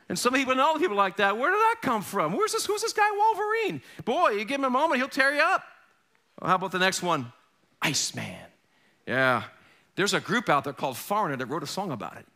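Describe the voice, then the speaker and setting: A middle-aged man preaching a sermon as pastor, animated and joking, slipping in quick character voices. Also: high-pitched.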